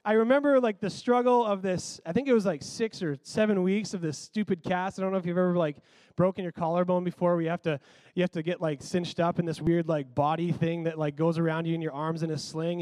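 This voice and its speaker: A man preaching a sermon, telling a childhood story in an animated, conversational way with lots of "like.". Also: sits high, brisk, no echo.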